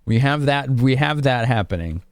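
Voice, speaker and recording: A man's voice: mid-range voice, animated, normal speed, clean tone, dry recording. A man from Chicago streaming a game live, chatting casually with his viewers. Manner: casual, chatty, laughing with chat.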